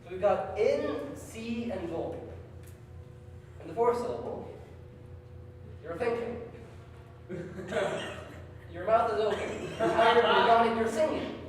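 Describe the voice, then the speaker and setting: A man doing a live improv guessing game on stage, laughing through halting guesses. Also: high-pitched. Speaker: improv performer. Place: live show in a large hall. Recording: echoey hall from far off, noisy.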